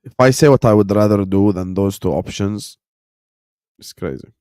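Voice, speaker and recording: A man with a Jordanian Arabic accent hosts a casual live-stream watchalong while a bit sick on cough syrup, bantering with viewers, reading out chat names, and mixing English with Arabic. His voice is lowish, mellow and smooth at a normal pace, recorded cleanly in a studio with no echo.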